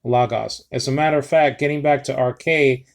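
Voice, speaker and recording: A man teaching biblical Greek in a casual spoken lesson, halting often with fillers and restarts and checking in with "okay". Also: medium pitch, steady tone, gravelly.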